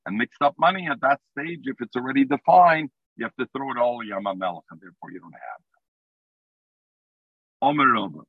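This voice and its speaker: A man's voice: medium pitch, expressive, a little fast, vocal fry, slightly rough, no echo. A man teaching a Talmud class over the phone from his car, explaining the text in English mixed with Hebrew and Aramaic terms. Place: in a car while driving. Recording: tinny phone line.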